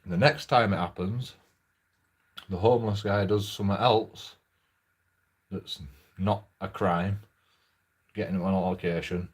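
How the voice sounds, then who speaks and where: A man telling a story in a casual, rambling monologue. He talks haltingly and swears freely. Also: low-pitched, fairly even intonation, husky. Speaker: channel host.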